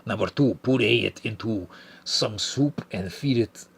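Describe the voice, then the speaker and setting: Guy putting on a goofy accent for a gross listener letter, slow and husky. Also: fairly low pitch, a bit bright, exaggerated voice. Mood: mock-serious. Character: crude male listener, read in a silly accent.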